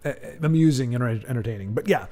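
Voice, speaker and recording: A man's voice: medium pitch, lively intonation, rapid-fire, dark tone, faint music behind. Rambling, joking male stream host. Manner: rambling, joking, self-correcting. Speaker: livestream host. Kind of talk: casual chat with viewers.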